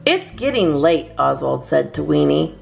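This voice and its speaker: A woman reading a children's picture book aloud in a lively, sing-song way. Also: deep voice, a little slow, creaky, faint music behind. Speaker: children's story reader. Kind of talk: read-aloud storytime.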